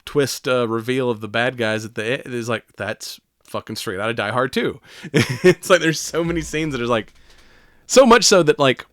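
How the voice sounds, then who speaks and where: A man's voice: medium pitch, normal speed, fairly bright tone, no room sound, studio quality. A man co-hosting a podcast, chatting casually and profanely about a movie, rambling and laughing often. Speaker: podcast co-host.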